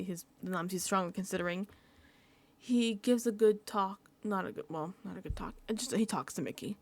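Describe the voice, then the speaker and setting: A young woman talks through a reality show recap in a sassy, gossipy tone. Her pitch swings widely as she acts out what the contestants said. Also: no echo. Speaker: recap vlogger.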